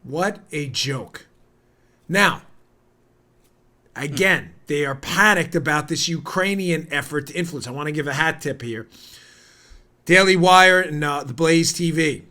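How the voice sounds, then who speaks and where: A man's voice: fairly high pitch, measured pace, long pauses, sharp tone. Heated, sarcastic male podcast host. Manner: heated and sarcastic, talks straight to his audience. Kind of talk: political commentary.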